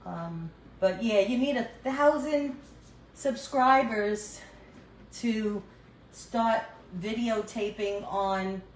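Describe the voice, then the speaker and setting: A woman's voice: mid-range voice, very slow. An older woman with a New York accent hosts a casual cooking livestream from her home kitchen. She chats and laughs often while she cooks and talks to her phone. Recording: echoey room, faint background noise.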